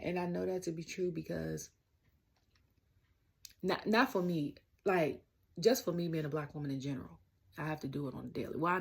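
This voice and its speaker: Her voice sits low, gravelly with a breathy edge. This young woman, speaking with a Southern US accent, wanders casually through a rant-like wrestling review packed with slang and filler words.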